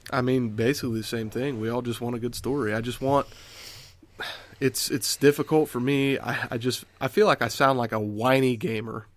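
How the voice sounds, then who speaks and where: A man's voice: mid-range voice, steady tone, normal speed. A young man co-hosting a gaming podcast, earnest and self-deprecating, working himself up into a rant. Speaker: podcast co-host. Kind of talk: casual podcast chat.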